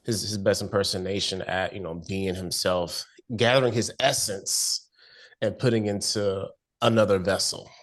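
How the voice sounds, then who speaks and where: A man's voice: deep voice, steady tone, moderate pace. A man co-hosting a casual review chat, laid-back and slangy, laughing often. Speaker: podcast co-host.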